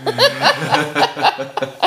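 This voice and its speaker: A woman with a low voice co-hosts a podcast and chats casually with her guest. She speaks slowly and laughs readily between her thoughts. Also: wildly swooping pitch, sharp tone, slight background noise. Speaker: podcast co-host. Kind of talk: casual chat.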